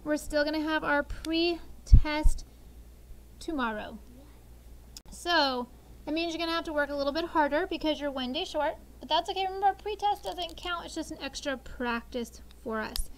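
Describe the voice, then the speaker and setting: A woman teacher leading a classroom vocabulary lesson, explaining words clearly and drawing them out syllable by syllable. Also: high voice, normal speed, slight background noise, poor audio.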